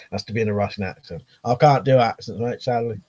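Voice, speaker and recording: A man's voice: medium pitch, a little fast, a little mellow, no echo. A man chatting casually on a live stream, rambling with lots of ums and restarts and reading viewer comments aloud.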